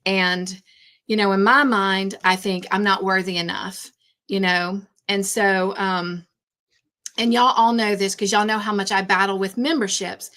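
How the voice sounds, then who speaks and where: A woman's voice: mid-range voice, steady tone, a little slow, a bit bright. A woman hosting a craft livestream, chatting casually and rambling, repeating herself when nervous. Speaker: craft channel host.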